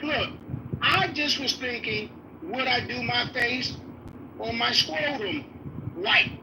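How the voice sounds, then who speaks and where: A loud, laughing man joining a casual group chat over a trucker headset from a truck cab. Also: very high voice, takes it slowly, noisy background. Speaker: livestream guest.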